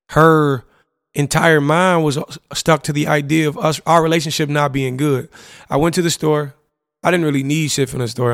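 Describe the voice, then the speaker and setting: With vocal fry and a fairly high pitch, a young podcast host candidly tells personal stories about an old relationship, peppered with slang and "you know what I'm saying." The recording is dry and studio quality.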